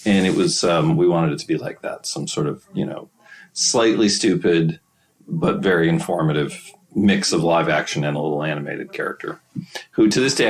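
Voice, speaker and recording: A deep-voiced American man from the Midwest answers interview questions. He tells his stories haltingly, with many restarts and frequent laughter, in a relaxed, casual way. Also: slight background noise, low-quality recording. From Wisconsin, USA. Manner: halting, laughs often while telling stories. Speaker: guest screenwriter and novelist.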